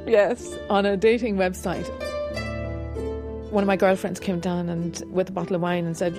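A woman's voice: mid-range voice, fairly even intonation, moderate pace, music in the background. Reflective woman harp teacher. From Ireland. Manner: candid, reflective, with soft laughs. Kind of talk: radio interview.

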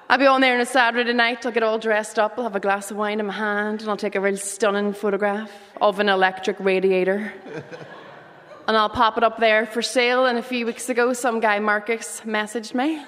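Northern Irish comedienne, punchy set in a reverberant venue. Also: female voice, on the high side. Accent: Northern Irish (Derry). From Northern Ireland. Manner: lively, punchy joke delivery. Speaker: comedian guest.

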